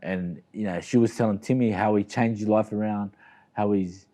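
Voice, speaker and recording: Brief: Australian man, middle-aged, low and warm-toned, rambling interview storyteller. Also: fairly even intonation, moderate pace. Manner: rambling, repeats "you know what I mean". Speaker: interview guest, boxer. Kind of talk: casual storytelling.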